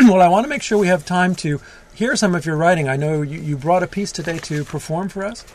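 A man's voice: high-pitched, animated, brisk, a little hiss or hum. Male host asking brief prompting questions. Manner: encouraging, prompting with short questions. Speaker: interview host. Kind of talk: casual interview.

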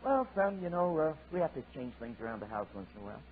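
A man's voice: medium pitch, sing-song, fast, slightly rough. A man doing an offhand papa eagle. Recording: tinny lo-fi sermon tape with hiss.

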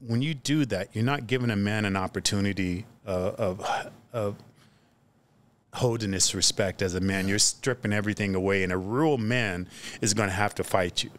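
A man telling stories in a casual podcast chat, animated, acting out the people in his stories. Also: fairly low pitch, normal speed, slight background noise. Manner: animated storyteller who acts out the other people in his stories loudly. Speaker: podcast guest.

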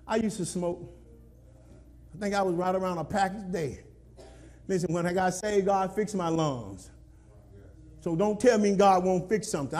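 High-voiced preaching man. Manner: repetitive, scolding preaching to the congregation, at times shouting. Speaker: pastor. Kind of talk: sermon.

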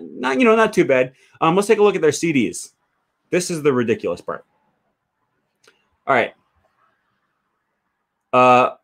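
A man who teaches languages, talking casually on a livestream and answering viewer comments, thinking aloud with frequent fillers. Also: medium pitch. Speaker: language teacher and channel host.

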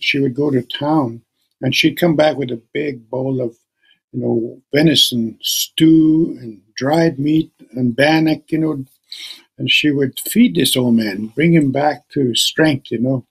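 Middle-aged man, oral storyteller, husky and gravelly, easygoing delivery. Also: mid-range voice. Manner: unhurried, conversational, with many you-knows.

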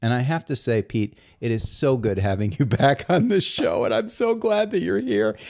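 A man's voice: mid-range voice, lively intonation, moderate pace, darkish tone. A man hosting a satirical comedy review show, talking in a mock-earnest, rambling way. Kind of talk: deadpan satirical monologue.

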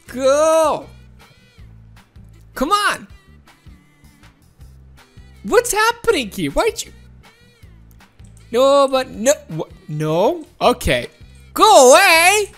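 A woman's voice: high-pitched, very animated, drawn-out words, long pauses, fairly bright tone, soft background music. A woman giving casual gameplay commentary, playful and coaxing her teammates, often laughing. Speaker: gaming commentator.

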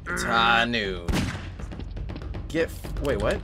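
A man's voice: medium pitch, expressive, very slow, vocal fry, over loud music. A young man on voice chat while gaming with friends, teasing them, laughing a lot and talking crudely. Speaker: gamer in online voice chat.

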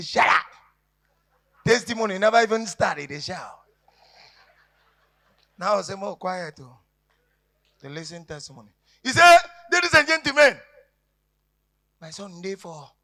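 Nigerian stand-up comic, male, lively high voice with gravel, theatrical delivery that drops to murmurs. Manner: dramatic, swinging from shouts to hushed murmurs. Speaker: stand-up comedian. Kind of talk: stand-up storytelling in Pidgin.

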